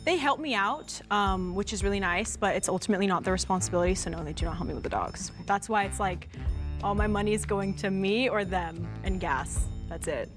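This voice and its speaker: A woman's voice: medium pitch, fairly quick. A woman in her twenties from Southern California, talking casually with lots of fillers. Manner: casual, chatty, frequent 'like'. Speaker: quiz show contestant. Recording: video audio with music behind.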